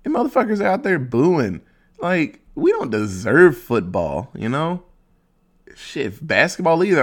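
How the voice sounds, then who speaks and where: A young man hosting a casual solo podcast, rambling and swearing, joking at his own expense and dropping into quick silly voices. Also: on the low side. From Ohio, USA. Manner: rambling, profane, self-mocking, acts out quick silly voices. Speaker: podcast host.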